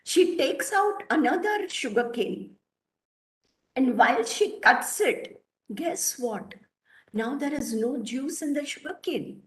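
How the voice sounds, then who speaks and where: A woman with an Indian English accent tells a moral story slowly and earnestly, her voice a touch high. Her words ring in a roomy, echoey space over a webinar call. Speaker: webinar speaker. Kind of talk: storytelling talk.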